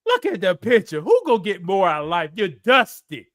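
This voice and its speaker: A man co-hosting a streamed talk show, ranting in a confrontational, taunting, profane way and often breaking into shouts. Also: high-pitched, wildly swooping pitch, moderate pace, no echo, clean studio sound. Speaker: podcast co-host.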